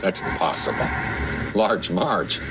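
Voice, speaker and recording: An actor playing a spooked diner regular who tells a ghost story slowly and in a hushed voice. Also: male voice, sits low, expressive, over music, exaggerated voice, rough recording. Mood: ominous. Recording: film clip with loud score.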